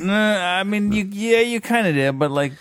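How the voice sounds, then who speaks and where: A man's voice: high-pitched, animated, normal speed, over a noisy crowd. A man hosting a film podcast, teasing and prodding his co-host for more in a casual chat.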